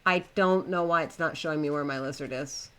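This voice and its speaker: A woman's voice: sits low, fairly quick, a bit bright, slight background noise. A young woman streaming a game live, chatting to herself and her in-game pets in a flustered, talkative way. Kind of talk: live gameplay commentary.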